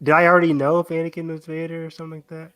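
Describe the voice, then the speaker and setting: A man's voice: on the high side, flat delivery, racing, fairly bright tone, clear, resonant tone. A young man co-hosting a podcast, eagerly retelling a moment. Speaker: podcast co-host. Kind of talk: casual chat.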